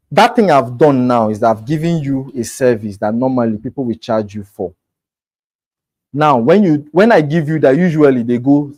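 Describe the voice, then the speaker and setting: A man coaching realtors in a relaxed, conversational way, acting out quoted lines as he talks. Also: mid-range voice, dry recording, rough recording. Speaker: real estate sales coach. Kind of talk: informal coaching talk.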